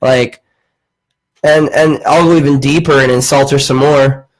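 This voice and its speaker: A man's voice: medium pitch, fairly even intonation, measured pace, poor audio. A man hosting a casual podcast, telling a long story as a profane rant. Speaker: podcast host. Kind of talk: casual chat.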